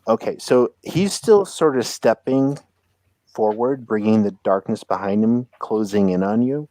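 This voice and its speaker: A man's voice: lowish voice, measured pace, dark tone, no room sound. A man narrating as game master of a tabletop roleplaying game, describing scenes and asking players what they do.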